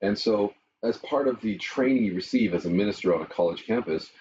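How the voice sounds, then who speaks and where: Pastor, lively storyteller, lo-fi. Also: male voice, on the low side, a little fast, distant mic. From Canada. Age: middle-aged. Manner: animated storyteller, chuckles often. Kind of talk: interview conversation. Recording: muffled lo-fi with faint noise.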